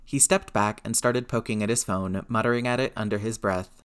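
Low-voiced man reading a story. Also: steady tone, moderate pace, clean tone. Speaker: reader. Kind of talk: reading fan fiction aloud.

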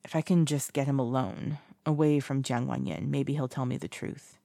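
Worried young detective, clipped and urgent, gravelly, as a reader puts him on. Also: mid-range voice, fairly even intonation, normal speed, dry recording, clean studio sound, close to an everyday voice. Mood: sharp, urgent. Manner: sharp, urgent.

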